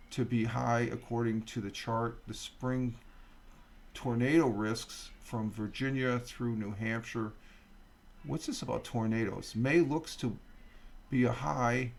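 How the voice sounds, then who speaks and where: Gravelly man. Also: mid-range voice. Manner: rambling, reads news aloud with asides and fillers. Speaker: livestream host. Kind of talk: casual morning stream chat.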